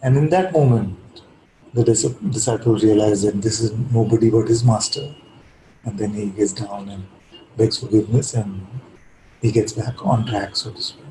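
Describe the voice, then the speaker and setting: A man giving a calm, reflective spiritual talk, telling a parable and often checking in with his listeners. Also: fairly low pitch, moderate pace, a little hiss or hum. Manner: calm, reflective, keeps asking "you see?". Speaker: spiritual teacher. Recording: echoey room.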